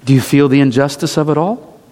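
A man's voice: fairly high pitch, brisk, mellow, big-room sound. A man preaching a sermon, retelling a story dramatically with emphatic repetition.

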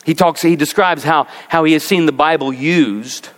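A man preaching a sermon as pastor, animated and rising to emphatic peaks. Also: a little high, normal speed. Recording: long reverb of a large hall.

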